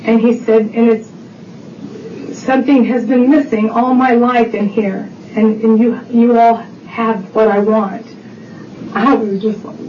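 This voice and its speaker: A woman's voice: fairly high pitch, dark tone, slight background noise. A middle-aged woman shares her personal testimony at a recovery meeting, rambling and full of fillers. She is picked up from a distance in a roomy, echoing space. The sound is muffled and dull. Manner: chatty storytelling with many fillers.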